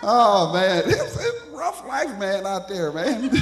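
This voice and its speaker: A man performing an animated stand-up set on a theater stage, working the crowd with a drawl. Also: sits high, slow pace, soft background music. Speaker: stand-up comedian. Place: theater stage with live audience laughing.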